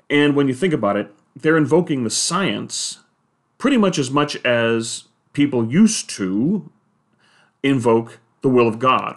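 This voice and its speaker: A man giving a measured, explanatory monologue on faith and science, with the odd hesitation. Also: mid-range voice. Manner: measured, explanatory, with occasional filler "uh".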